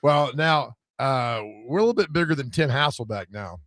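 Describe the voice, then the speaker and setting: A man co-hosting a sports radio show, hoarse from screaming, telling animated, self-mocking stories. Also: medium pitch, normal speed, no echo, studio quality. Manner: animated storyteller, laughs at himself. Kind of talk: casual sports radio banter.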